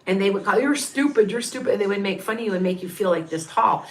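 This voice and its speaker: A middle-aged woman with a medium-pitched voice talks fast while giving livestream psychic readings. Her talk rambles and repeats as she thinks aloud, and she reads viewers' names and counts under her breath.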